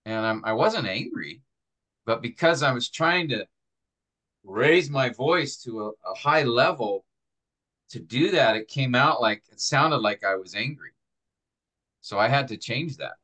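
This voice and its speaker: A man's voice: mid-range voice, lively intonation, measured pace, pushed and bright. A middle-aged man teaching a class on preaching, talking in a thoughtful, conversational way. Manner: thoughtful, conversational, demonstrates delivery with acted examples. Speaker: preaching instructor.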